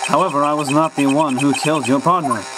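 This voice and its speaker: A man's voice: on the high side, steady tone, very noisy, natural voice. A man reading Miles Edgeworth, a cool prosecutor. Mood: composed. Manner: measured, formal. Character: cool, composed adult male genius prosecutor. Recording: loud game music behind.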